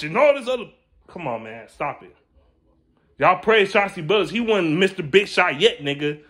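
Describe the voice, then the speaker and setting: A man's voice: high voice, sing-song, normal speed, fairly bright tone. A man delivering an angry, profane sports rant as a vlogger, repeating himself as he argues. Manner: angry, profane, repetitive ranting. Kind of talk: ranting to camera.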